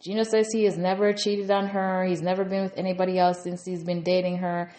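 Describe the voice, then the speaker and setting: Lady rambling through a tv recap, lots of "you know", kinda low voice, roomy echo. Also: flat delivery, a little fast, mellow. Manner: chatty, rambling with many "you know" fillers. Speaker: TV recap reviewer. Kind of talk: casual episode recap.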